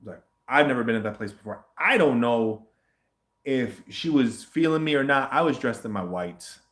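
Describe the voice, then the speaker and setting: A man chatting casually as the host of a livestream question session, rambling, animated and swearing often. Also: medium pitch, moderate pace, echoey room. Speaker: host answering viewer questions.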